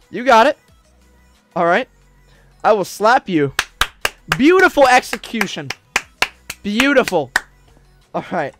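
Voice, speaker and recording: A host narrating and bossing around a character during a game roleplay, excitable and bossy, with sudden bursts of yelling. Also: medium pitch, no echo. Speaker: roleplaying gamer and channel host.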